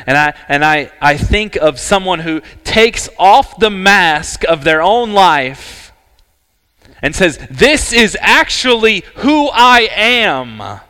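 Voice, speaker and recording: A man preaching a sermon as pastor, earnest and emphatic, with dramatic pauses. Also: fairly high pitch, sharp tone, clear, resonant tone. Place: church sanctuary. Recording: church hall reverb.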